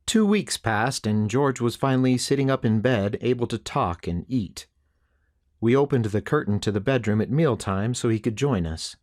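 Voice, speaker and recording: A man narrates a western audiobook at a steady, unhurried pace. His voice sits at an ordinary middle pitch, recorded close and dry with no room sound. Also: no room sound.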